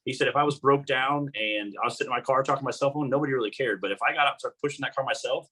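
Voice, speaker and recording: Fast, bright-voiced man telling stories. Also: medium pitch, breathy edge, low-quality recording. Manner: rambling, anecdotal, many fillers. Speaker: guest, motorsport announcer. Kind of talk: casual interview talk.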